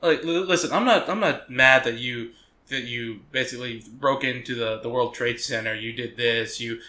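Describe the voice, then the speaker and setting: A man co-hosting a casual podcast, swearing freely and rambling through stories he acts out in quick voices. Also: mid-range voice, sharp tone. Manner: profane, rambling storyteller who acts out scenes in quick voices. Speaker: podcast co-host. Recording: echoey room.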